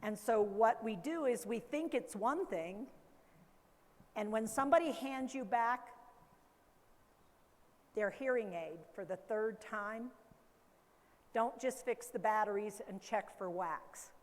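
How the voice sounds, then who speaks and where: A woman educator leading a conference workshop, coaxing the audience through hands-on exercises. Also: medium pitch. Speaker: dementia care educator. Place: conference hall. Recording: long hall reverb.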